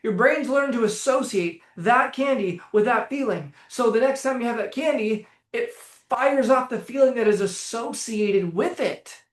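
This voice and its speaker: A man coaching on anxiety in a casual talk straight to camera, blunt and profane, animated, with bursts of laughter. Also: extremely high pitch, a little slow, hardly any pauses, roomy sound.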